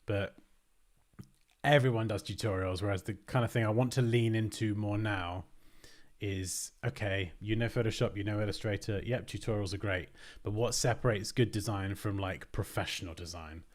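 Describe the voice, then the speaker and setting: A man's voice: on the low side, moderate pace. A British man hosting a design livestream, chatting casually and thinking aloud as he works. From Britain. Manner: rambling, thinks aloud, restarts phrases.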